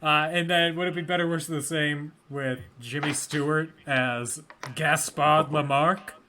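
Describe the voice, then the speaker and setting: Slow, bright-voiced male podcast host. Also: on the high side, steady tone. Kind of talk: casual podcast chat.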